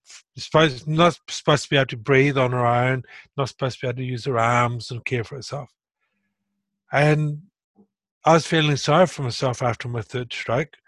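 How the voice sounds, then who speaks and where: A man's voice: medium pitch, moderate pace, dry recording. A middle-aged man speaking bluntly and earnestly in a casual conversation. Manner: earnest, blunt, animated when retelling. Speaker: guest sharing stroke recovery story.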